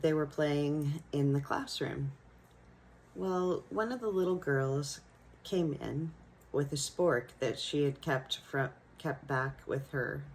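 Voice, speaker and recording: A woman who teaches young children tells a personal story in a gentle, reflective way. Her voice sits low and her pace is slow and unhurried. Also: slight background noise, low-quality recording. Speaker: elementary school teacher.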